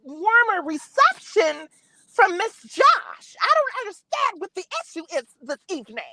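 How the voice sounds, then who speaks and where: A caller, a man voicing a high, squeaky, campy woman who is sassy and gossipy. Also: big pitch swings, a little slow, bright, forceful tone, no room sound, heavily acted. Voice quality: squeaky, Minnie Mouse-like. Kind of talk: call-in chat.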